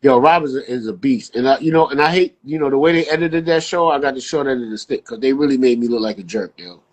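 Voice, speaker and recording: A man chatting on a podcast, his voice slightly husky. He tells his stories with lots of street slang. When he quotes people, his pitch jumps up. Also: fast. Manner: animated storyteller, jumps high acting out quotes, casual slang. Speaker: podcast guest, barber. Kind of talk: casual podcast chat.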